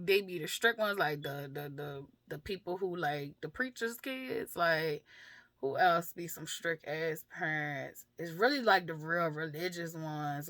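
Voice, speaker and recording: A woman's voice: lowish voice, fairly bright tone, no room sound, studio quality. A woman vlogger and mother talking frankly about her life and parenting, laughing often and swearing freely, with many fillers. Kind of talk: candid personal talk to camera.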